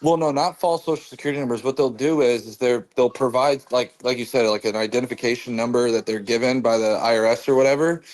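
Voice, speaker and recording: Man, host, casual political chat, animated, pitch jumps when joking. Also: fast talker, hardly any pauses.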